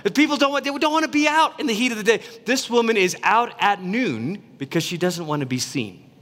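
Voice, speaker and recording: A man from Malaysia preaching a sermon in a lively, conversational way, acting out quotes as he goes. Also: high-pitched, a little fast, in a large hall. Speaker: pastor.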